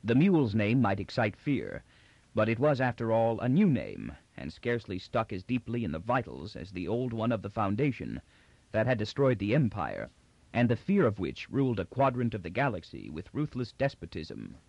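A man reading a novel aloud with an expressive, theatrical delivery. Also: lowish voice, normal speed, vocal fry, no room sound. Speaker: audiobook narrator. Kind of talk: scripted narration. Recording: dull dry audiobook recording.

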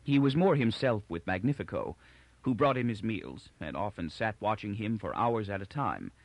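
A man reading an audiobook in measured, scripted narration. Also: on the low side, expressive, no room sound. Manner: measured storytelling.

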